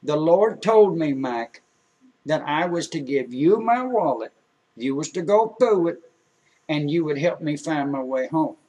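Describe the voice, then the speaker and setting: A man's voice: on the high side, animated, unhurried, mellow, slightly rough, far from the mic. A man voicing a lost, devout and stubborn elderly male veteran with a folksy rural drawl. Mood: pleading, insistent.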